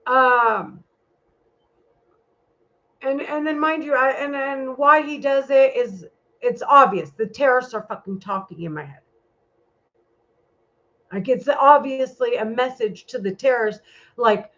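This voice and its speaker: A woman's voice: a little high, measured pace, a bit bright. A woman talking in a casual vlog monologue, rambling and heated, with a lot of swearing. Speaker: vlogger. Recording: muffled lo-fi recording.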